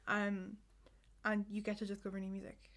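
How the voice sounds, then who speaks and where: A woman co-hosting a podcast in a loose, rambling chat, with many "like"s and "um"s. Her voice has plenty of vocal fry and a gravelly edge, at a middle pitch. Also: completely flat delivery, moderate pace, fairly bright tone. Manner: rambling, full of "like" and "um". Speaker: podcast co-host. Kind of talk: casual chat.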